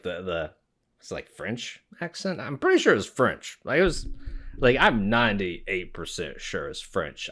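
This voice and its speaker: A low-voiced man reacts in loose, casual commentary. His pitch swings widely as he gets excited, and he swears freely and keeps laughing. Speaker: reaction video host.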